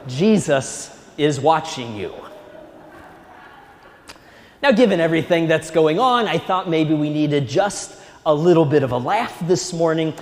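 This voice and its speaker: A male priest giving a Sunday sermon in a church, speaking gently and reassuringly with a touch of humor. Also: on the high side, normal speed, hardly any pauses. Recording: echoey church hall.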